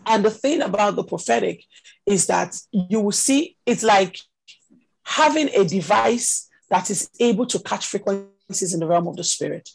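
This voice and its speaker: A woman's voice: mid-range voice, moderate pace, vocal fry, slightly rough, low-quality recording. A woman teaching a prophetic ministry class over a video call, talking conversationally with many "you know" fillers. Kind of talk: teaching session.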